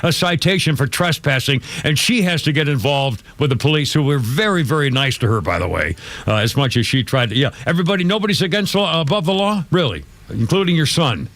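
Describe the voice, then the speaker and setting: A man hosts a talk radio show from a dry studio mic, his pitch a touch high and swinging widely as he talks. He runs the show with blunt, wry commentary and lots of fillers. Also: lively intonation, brisk, a bit bright, dry recording. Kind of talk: casual talk radio banter.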